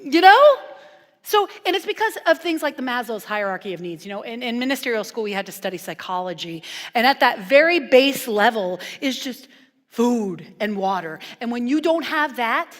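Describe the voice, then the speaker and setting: A woman minister giving a conversational sermon, animated and playful in her storytelling, turning hushed and earnest at times. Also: on the high side, a little fast. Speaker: guest minister. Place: church sanctuary. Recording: long reverb from a church hall.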